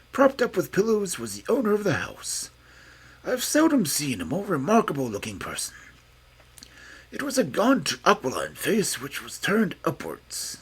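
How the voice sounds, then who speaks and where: A man reading a classic detective story aloud, narrating in an expressive way. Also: medium pitch, husky.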